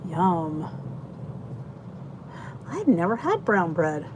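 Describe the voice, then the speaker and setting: A woman talks slowly and chattily on a live stream. She greets viewers by name and stretches out her exclamations. A faint hum sits behind her voice. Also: lowish voice, sing-song, rough recording. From Philadelphia, Pennsylvania. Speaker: host of a live chat stream. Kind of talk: casual live-stream chat reading comments.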